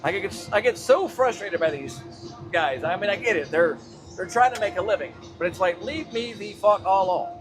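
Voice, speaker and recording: A man with a high-pitched voice talks casually from the cab of his truck as he drives, rambling and cursing in exasperation. Music plays clearly underneath his livestream chat. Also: expressive, moderate pace. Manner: exasperated, swears freely, rambling.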